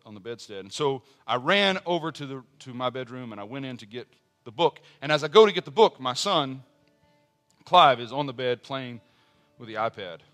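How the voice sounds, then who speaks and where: A middle-aged pastor delivers a sermon in an earnest, medium-pitched voice. He drops into soft personal asides, then builds to strong emphasis.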